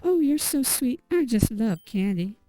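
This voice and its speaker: Girl doing a syrupy southern gold-digger gal, coy and slow, kinda high. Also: very animated, warm tone, no echo, faint music behind, poor audio. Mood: sugary. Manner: sugary, coy, drawn-out.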